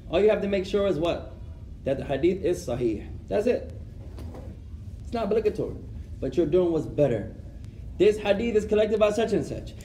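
High-voiced male teacher in an echoey room. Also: dark tone, slight background noise. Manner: rhetorical questions, mixes Arabic phrases into English. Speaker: Islamic studies teacher. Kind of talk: classroom lesson. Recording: echoey room, faint ambience.

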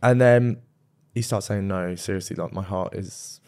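Young man, lowish voice, podcast co-host, chatty storyteller, casual chat. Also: normal speed, a little mellow. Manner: chatty storyteller recounting anecdotes.

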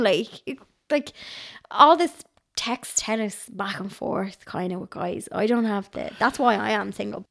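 A woman's voice: mid-range voice, a little slow, gravelly, fairly bright tone. A woman with a Dublin accent, a guest on a podcast, telling chatty, self-mocking stories with plenty of giggles. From Ireland. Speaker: guest, craft blogger. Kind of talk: casual podcast chat.

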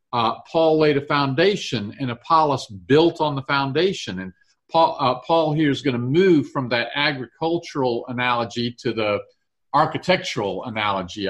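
A man's voice: medium pitch, fairly bright tone. A man leading a casual Bible study discussion, reading verses aloud and thinking through their meaning.

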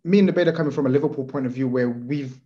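A man chatting as a podcast guest, telling stories in an animated, rambling way. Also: mid-range voice, very fast, dull audio. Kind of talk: casual football chat.

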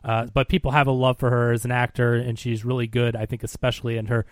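A man co-hosting a casual film review podcast, talking in an animated, emphatic way. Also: medium pitch, no echo, studio quality. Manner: animated, emphatic, quick to rant. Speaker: podcast co-host.

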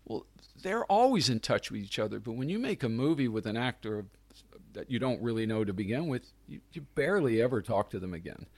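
Middle-aged male director as guest, mid-range voice, lively storyteller, dry close mic. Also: medium pitch, brisk, no room sound. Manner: animated, acts out quoted people, laughs often. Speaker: guest, film writer and director. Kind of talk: casual anecdotal storytelling.

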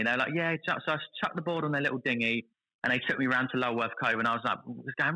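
A man, a podcast guest, telling a story in an animated, excitable way and acting out what others said. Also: medium pitch, fast talker, low-quality recording. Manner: animated, excitable storyteller who acts out other people's lines. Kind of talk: casual chat, telling a story.

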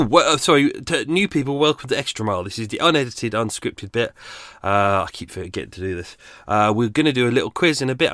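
A man's voice: medium pitch, a bit bright, no echo, clean studio sound. A man hosting a podcast, chatting casually off the cuff while unwell with a sore throat and cold, rambling with fillers and restarts. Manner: rambling, self-deprecating, frequent fillers and restarts. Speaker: podcast host. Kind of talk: unscripted casual chat.

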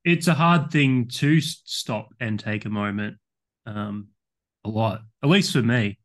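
A man's voice: on the low side, unhurried. A man hosting a podcast, asking questions in a hesitant way with many restarts, in a casual interview. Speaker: podcast host.

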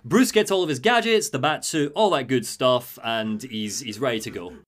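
A man's voice: mid-range voice, normal speed. A man hosting a podcast, casually recapping a video game story with jokes and the odd swear. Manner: animated, jokey, swears.

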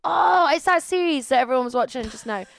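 A woman's voice: high-pitched, expressive, fast, gravelly, dry recording, clean studio sound. A young woman in her twenties co-hosting a casual podcast, chatty and giggly, rambling through her stories. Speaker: podcast co-host. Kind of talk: casual chat.

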